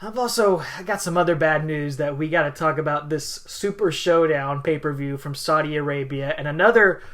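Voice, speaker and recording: A man's voice: fairly high pitch, normal speed, a bit bright. A man co-hosting a wrestling podcast, playful and enthusiastic in his casual chat. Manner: playful, enthusiastic, jokey intros. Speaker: podcast co-host.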